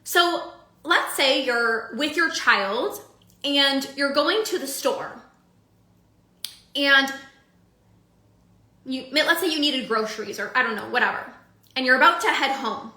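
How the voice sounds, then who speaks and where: A woman's voice: high voice, animated, slow pace, long pauses, pushed and bright, roomy sound. A young woman coaching her audience in a casual live-streamed talk, chatty with filler likes and everyday analogies. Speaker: binge eating coach.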